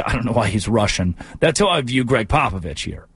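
A husky-voiced man hosting a sports talk show, riffing through an animated, joking monologue. His pitch jumps around as he makes his points. The sound is dry and close, with no room in it. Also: fairly quick, hardly any pauses, no echo. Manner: animated, jokey, puts on silly voices. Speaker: sports radio host.

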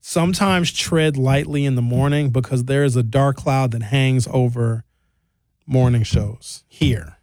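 A man hosting a radio talk show, telling lively stories with impressions. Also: mid-range voice, unhurried, dry recording, clean studio sound. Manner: animated storyteller, slips into impressions. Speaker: radio host. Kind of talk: lively casual radio banter.

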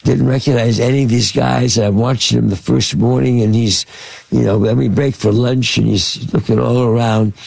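A man's voice: medium pitch, fairly even intonation, moderate pace, gravelly, a little mellow, dry recording. A man telling rambling anecdotes as an interview guest, full of fillers and restarts. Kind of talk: anecdotal storytelling.

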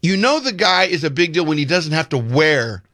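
A man's voice: fairly high pitch, moderate pace, dry recording, studio quality. A man co-hosting a casual chat, telling a long story and acting out the quoted dialogue. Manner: animated, acts out quoted dialogue. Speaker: podcast co-host telling a story.

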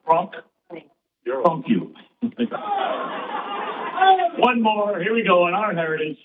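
A man doing stand-up comedy on stage, bantering quickly and playfully with the crowd. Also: high voice, animated. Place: stage before a live audience. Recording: tinny far-off stage recording with music.

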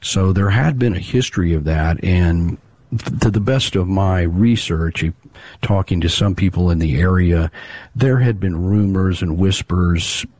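A man answering interview questions as a researcher of local monster legends, explaining in a measured way. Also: deep voice, darkish tone, no echo.

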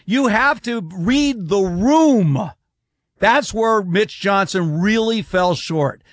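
A middle-aged man co-hosting a sports talk show, emphatic and rapid-fire, repeating his points. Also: high voice, lively intonation, no echo, clean studio sound.

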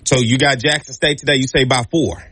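A man's voice: mid-range voice, fairly even intonation, fairly quick, bright, forceful tone, breathy edge, no echo. A man hosting a call-in sports radio show, teasing and bantering with callers. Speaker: radio show host taking calls. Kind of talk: casual call-in sports talk.

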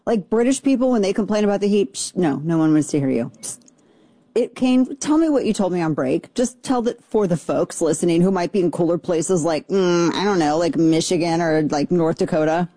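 A woman hosting a talk radio program in a studio, rambling from one joke to the next in an easy, chatty way. Her voice is warm and mellow, and the close mic is dry. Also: fairly low pitch, animated, brisk, no room sound. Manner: chatty, rambling, jokey digressions. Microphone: studio microphone.

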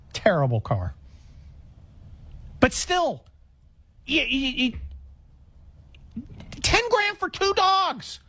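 A man in his sixties hosting a call-in radio show, talking in an animated, exasperated and rambling way with frequent restarts. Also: high-pitched. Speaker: radio talk show host. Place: Los Angeles area radio studio.

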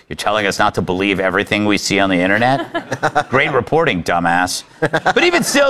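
A man's voice: medium pitch, a bit bright. A man hosting a talk show, delivering opinionated commentary in a sarcastic, mocking manner. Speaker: host.

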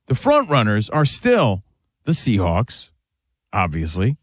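A man's voice: lowish voice, wildly swooping pitch, slow pace, husky, no echo, clean studio sound. A man co-hosting a sports talk show, giving breezy, assured takes on teams and joking around. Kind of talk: casual sports debate.

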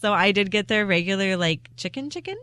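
Woman, co-host, bubbly, self-deprecating, animated pitch, dry studio sound. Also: fairly quick, clear, resonant tone, dry recording. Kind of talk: casual chat.

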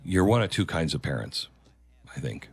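Male opinion host, forceful repetitions, animated delivery, dry booth sound. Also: low-pitched, normal speed, vocal fry, slightly rough, dry recording. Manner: emphatic, moralizing, repeats key phrases. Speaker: commentary show host. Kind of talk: opinion commentary over played clips.

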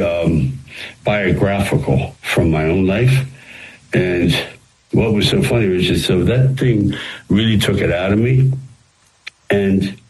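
Deep-voiced male guest, rambling storyteller, interview. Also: poor audio. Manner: animated, rambling anecdotes with frequent restarts. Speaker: actor and screenwriter guest.

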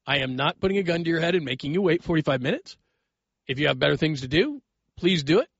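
A middle-aged man hosts a sports talk show on late-night radio, talking casually and turning firm with callers. His voice sits a little high and has some husk. The studio sound is dry and a bit dull. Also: a bit bright, husky, no room sound. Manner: chatty, laughing, then firm and lecturing. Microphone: studio broadcast mic.

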